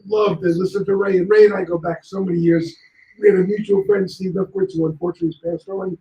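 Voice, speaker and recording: A male guest on a talk show telling anecdotes in a lively way and acting out other people's lines. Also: sits high, quick pace, gravelly, reverberant, rough recording. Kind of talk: anecdotal storytelling.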